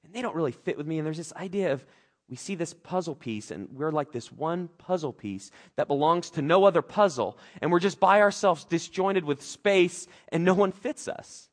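An earnest male pastor delivers a heartfelt sermon, his fairly high voice climbing with urgency and then dropping into quiet reflection. He speaks openly and emotionally, in a casual way. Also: lively intonation, normal speed. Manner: earnest, emotional, swings between loud urgency and soft reflection.

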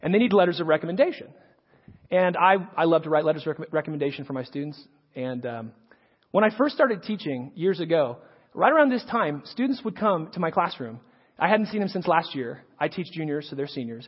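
A man's voice: on the high side, expressive, a little fast, breathy edge. A man in his thirties giving an earnest, conversational sermon full of stories, often repeating words as he restarts. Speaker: preacher and high school teacher. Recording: dull lo-fi recording with long hall reverb.

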